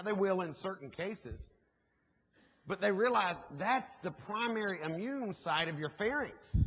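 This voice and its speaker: A man, preaching as a guest speaker and telling a story with jokes and asides to the congregation. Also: high voice. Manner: animated, jokey storytelling with asides to the audience. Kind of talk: sermon storytelling. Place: church sanctuary. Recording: muffled, echoey church hall recording.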